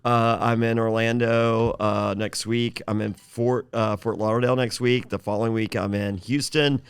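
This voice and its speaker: A man talking as a podcast guest in casual chat, halting with many filler words. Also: medium pitch, level tone, clean tone, no room sound.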